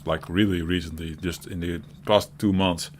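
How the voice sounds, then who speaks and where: A man with a Dutch accent talks in an easygoing, rambling way, chuckling often, restarting his sentences and swearing now and then. His voice sits a little low. Keyboard typing and steady noise run beneath the recording. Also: moderate pace. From Netherlands. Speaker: co-host of a gaming chat show. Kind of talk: casual chat. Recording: audible typing and background noise.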